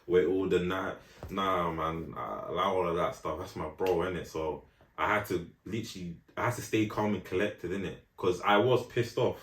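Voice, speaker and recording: A man's voice: low voice, moderate pace, a bit bright, echoey room. A young man telling a story in casual podcast chat, full of slang and "do you know what I'm saying" asides. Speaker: podcast co-host.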